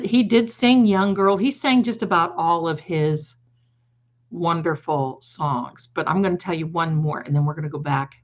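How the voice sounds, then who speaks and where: An older woman hosting a tarot livestream, telling rambling funny stories in a chatty, digressive way and laughing at her own jokes. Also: lowish voice. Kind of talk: casual storytelling to a live audience. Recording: slightly dull lo-fi sound.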